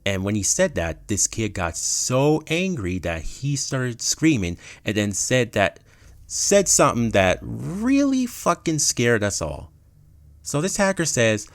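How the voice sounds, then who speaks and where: A man's voice: fairly low pitch, very animated, moderate pace, fairly bright tone, no room sound. A young man telling a gaming story in a casual storytime manner, swearing freely as he goes.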